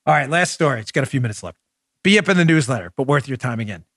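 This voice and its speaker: A man hosting a political talk podcast, speaking in an animated, emphatic way and repeating points for effect. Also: mid-range voice, racing, no echo, studio quality. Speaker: podcast host.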